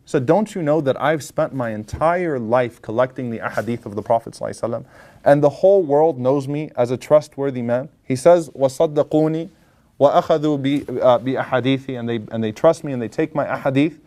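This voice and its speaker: A man giving a casual religious lecture, telling a story with animated voices for the people in it and dropping in Arabic phrases. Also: medium pitch, a little fast. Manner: casual and lively, acts out quoted lines, mixes in Arabic phrases.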